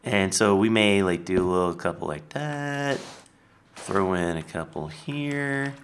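A man casually commenting on his building as he plays a game, chatty and lively. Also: sits low, unhurried, a little hiss or hum. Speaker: Minecraft let's player.

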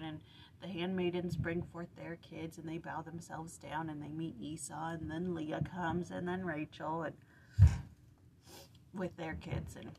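A woman's voice: on the low side, slight background noise, low-quality recording. A woman leading a casual early-morning scripture study, reading a devotional passage and then retelling the story in her own words with restarts. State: sleepy, blurry-eyed early morning.

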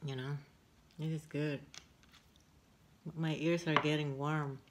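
A woman chatting casually in a mukbang video, pausing to eat between halting words. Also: sits low, little pitch movement, noisy background. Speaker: eating-show vlogger.

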